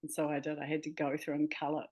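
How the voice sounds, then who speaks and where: A New woman talks as a guest on an interview show, her voice sitting a little low for a woman. She sounds enthusiastic and laughs easily, and she sometimes hunts for the right word mid-sentence. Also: completely flat delivery, fast, a little mellow. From New Zealand. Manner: enthusiastic, laughing, searching for words. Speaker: guest, healer and author. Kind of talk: casual interview chat.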